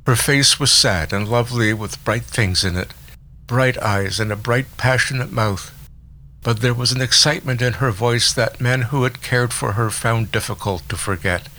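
A man narrating a literary novel in a measured, expressive reading. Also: medium pitch, slight background noise. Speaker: audiobook narrator.

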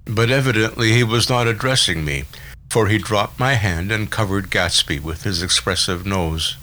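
Low bright-toned male audiobook narrator. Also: normal speed, rough recording.

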